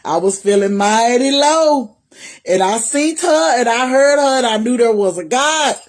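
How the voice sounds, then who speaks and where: Speaking unhurriedly in a fairly high voice with lively intonation, this vlogger addresses her viewers head-on. Her testimony is encouraging and full of faith, and she repeats phrases to drive points home.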